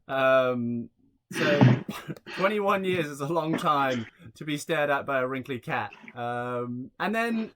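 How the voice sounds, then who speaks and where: A young man from England doing a rambling, deadpan stand-up set with many fillers. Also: mid-range voice, takes it slowly. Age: young adult. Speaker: stand-up comedian. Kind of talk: stand-up set over a video call.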